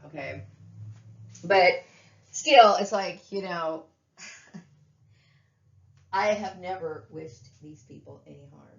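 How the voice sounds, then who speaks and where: Woman vlogger, low-set voice, venting and agitated; dull, lo-fi sound, echoey room. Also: vocal fry, far from the mic. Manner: agitated, repetitive, keeps asking "okay?". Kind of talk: emotional monologue rant.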